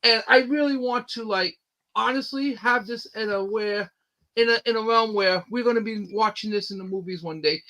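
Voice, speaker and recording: A man's voice: high voice, normal speed, bright, forceful tone, poor audio. A man who creates his own comic books, telling stories eagerly in a casual podcast chat and rambling with lots of fillers. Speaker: independent comic book creator, guest.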